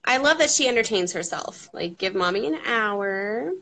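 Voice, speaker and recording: A woman chatting as a guest, animated and chatty, sometimes coaxing her toddler in baby talk. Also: mid-range voice, normal speed. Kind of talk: casual live chat.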